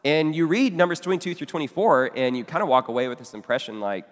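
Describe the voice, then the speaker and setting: A male pastor gives a teaching sermon in a conversational way, tossing in asides and quick questions to his listeners. His voice sits at a medium pitch. A long reverb trails behind his words, as in a church hall. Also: sing-song. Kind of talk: expository sermon.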